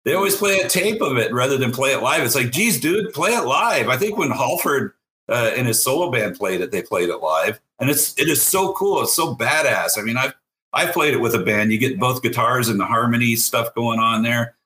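A man chatting as a podcast guest, speaking in an animated, emphatic way. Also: mid-range voice, brisk. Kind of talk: casual chat.

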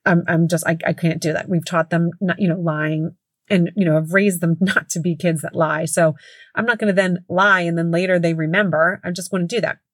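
A woman's voice: lowish voice, fairly even intonation, a little fast, no echo. A woman in her thirties or forties, a mother hosting a podcast, telling a story casually with lots of fillers and self-corrections.

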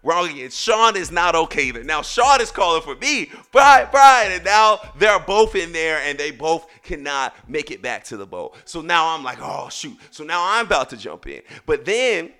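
A young man hosting a podcast, telling a dramatic story and working up to shouts. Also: on the high side, sing-song, normal speed, hardly any pauses. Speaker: podcast host. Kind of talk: animated storytelling.

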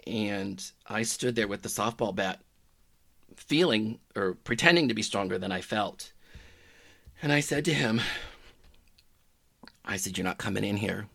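A middle-aged man telling a personal story in a halting, reflective way that often trails off quietly. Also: lowish voice, gravelly, no room sound, clean studio sound. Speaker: podcaster telling his own story.

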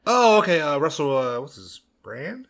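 A man hosts his podcast in a loose, laid-back way and drops casual swear words. His voice sits a little high, and the pitch swings widely as he talks. His lines are quick reactions and relaxed questions. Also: gravelly. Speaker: podcast host and comedian.

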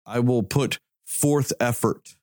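A man's voice: mid-range voice, takes it slowly, no echo, clean studio sound. A man ranting in a casual chat, cursing freely and swinging his voice around as he complains. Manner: animated ranting, heavy swearing.

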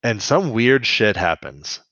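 A man's voice: on the low side, very animated, takes it slowly, sharp tone, no echo, muffled recording. A man co-hosting a podcast, casually recapping a cartoon episode in a rambling way with lots of fillers and laughs. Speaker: podcast co-host.

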